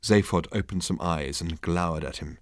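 A man reading an audiobook in a wry, measured storytelling voice. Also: low-pitched, no room sound, studio quality. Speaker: audiobook narrator. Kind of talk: scripted narration.

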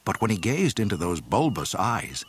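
A man reading a story aloud in an expressive, dramatic narration. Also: lowish voice, moderate pace, slight background noise. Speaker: audiobook reader.

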